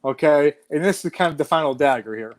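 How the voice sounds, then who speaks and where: A man in his forties telling a story in casual chat, animated and swearing freely. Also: on the high side, fast. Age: 40s.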